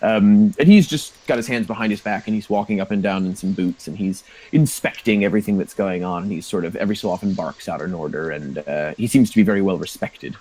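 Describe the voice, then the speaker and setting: A man narrating a tabletop role-playing game as game master, in a relaxed, meandering way with many fillers. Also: deep voice, fast talker, hardly any pauses, poor audio.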